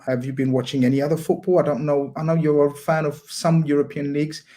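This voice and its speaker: A man's voice: on the high side, fast. Chatty man hosting a stream. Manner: chatty, teasing, excitable. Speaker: host. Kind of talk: casual live-stream chat.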